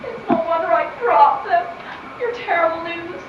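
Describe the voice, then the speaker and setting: A young actress plays a fussy lady who is shocked by everything around her. Her very high voice carries from a distant stage in a big echoing hall, muffled and noisy. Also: normal speed. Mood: scandalized. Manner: fussy, scandalized. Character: prim scandalized older lady Lydia.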